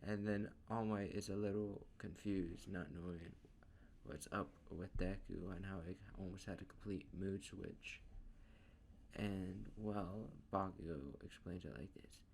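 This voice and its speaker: A man casually narrating a fan story in a rambling, drawn-out way. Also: low voice, fairly even intonation, vocal fry, darkish tone, slight background noise.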